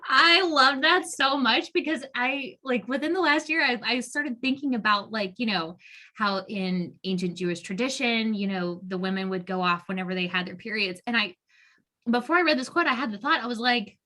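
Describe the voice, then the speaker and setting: A woman's voice: on the high side, normal speed, bright, forceful tone. A woman hosting a podcast, chatting casually and reflectively, with an enthusiastic tone and many "um" fillers. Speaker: podcast host.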